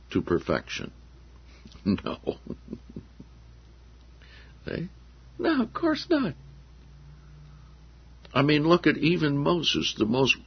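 A man preaching a sermon, telling stories with animated voices for the people he quotes. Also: on the high side, creaky, husky. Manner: animated storytelling, acting out quotes. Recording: dull lo-fi sound.

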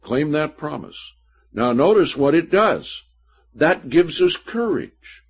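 A man's voice: fairly high pitch, very animated, slightly rough. A man preaching a sermon, reading scripture aloud and stressing points emphatically. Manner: slow, emphatic Bible teaching with scripture readings. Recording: dull lo-fi recording.

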